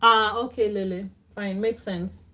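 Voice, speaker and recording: A middle-aged woman hosting a casual live stream, chatting loosely and calling out viewers by name, with frequent laughs and throat clearing. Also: medium pitch, fairly even intonation, a little slow, pushed and bright.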